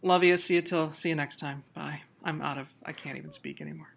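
A man's voice: a little high, fairly even intonation, fast, creaky, fairly bright tone. A man co-hosting a podcast in casual chat, laughing often as he runs through loose, joking plugs. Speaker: podcast co-host.

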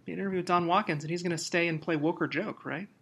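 A man with a bright, forward voice co-hosts a podcast. He talks in easy, casual chat, laughs often and rattles off plugs with a joking looseness. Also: on the high side, steady tone, racing, vocal fry, husky. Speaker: podcast co-host.

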